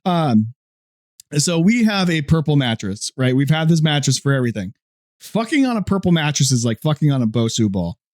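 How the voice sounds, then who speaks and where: A man's voice: on the high side, very animated, brisk, darkish tone. A man co-hosting a casual gaming podcast, swearing and laughing as he tells teasing stories. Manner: crude, laughs often, teasing storyteller. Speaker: podcast co-host.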